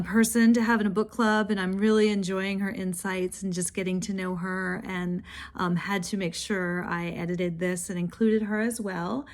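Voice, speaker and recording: A woman hosting a book video channel, talking casually and at length in a chatty, rambling way. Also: mid-range voice. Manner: chatty, rambling, warm praise of other creators. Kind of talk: casual chat.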